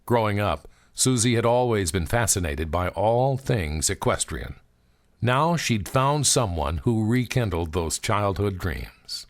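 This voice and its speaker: Man, audiobook narration, low voice, lively pitch, measured storytelling.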